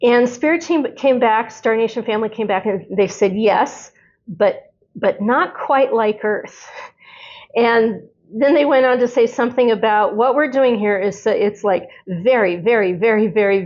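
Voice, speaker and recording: A woman with a slightly high voice talks earnestly through notes she has channeled. She stumbles over her words and restarts, then leans hard into the points that matter to her. The recording sounds dull and lo-fi. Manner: earnest, halting with restarts, builds to excited emphasis. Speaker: spiritual channeler. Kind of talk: solo talk reading channeled notes. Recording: dull lo-fi audio.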